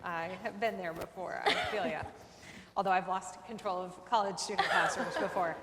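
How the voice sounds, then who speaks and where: A woman's voice: medium pitch, moderate pace. A woman moderating a panel, encouraging the speakers and asking follow-up questions. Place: campus event room. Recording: echoey hall with clear noise.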